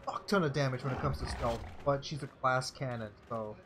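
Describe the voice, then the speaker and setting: A man casually talking through a live game run, rambling and restarting his sentences. His voice sits at an ordinary pitch, with clear noise behind him. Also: brisk. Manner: rambling, with many fillers and restarts. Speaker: gameplay streamer. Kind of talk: casual live playthrough commentary.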